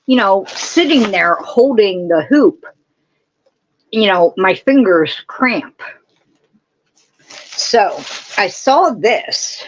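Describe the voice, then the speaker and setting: A woman's voice: medium pitch, fairly bright tone, highs cut off, a little hiss or hum. A woman hosting a live crafting stream, rambling casually and answering her viewers' comments as she goes.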